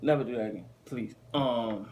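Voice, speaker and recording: A man's voice: medium pitch, normal speed, a little mellow, slight background noise. A man co-hosting a podcast in casual chat, blunt and joking, with plenty of slang. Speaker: podcast co-host.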